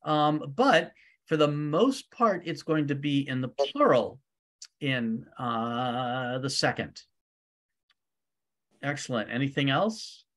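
A man teaches a weekly Torah study class in a voice of ordinary pitch. He reads Hebrew verses aloud, translates them line by line, and fills the gaps with frequent ums and uhs. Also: slow pace, fairly bright tone.

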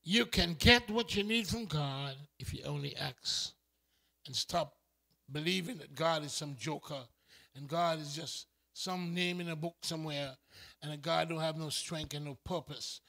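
A man from St preaching a sermon in a church, shifting from quiet talk to impassioned shouting. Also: a little high, unhurried, creaky.

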